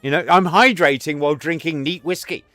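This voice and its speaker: Aussie guy ribbing his mate, slightly high voice, faint music under it. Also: a little fast, pushed and bright, dry recording. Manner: teasing, crude banter. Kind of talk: casual chat.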